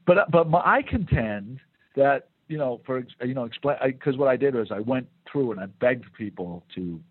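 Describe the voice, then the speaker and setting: A man's voice: medium pitch, animated, unhurried, husky, dry recording, phone-quality sound. A man co-hosting a casual podcast, rambling with lots of restarts and repeated words. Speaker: podcast co-host.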